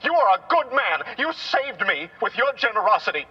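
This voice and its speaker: A man voicing a fiercely loyal, hot-tempered male talking car in a comedy sketch, with a husky voice. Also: high-pitched, sing-song, normal speed, dull audio, faint music behind, heavily acted. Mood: tearful. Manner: emotional, then furious and shouting.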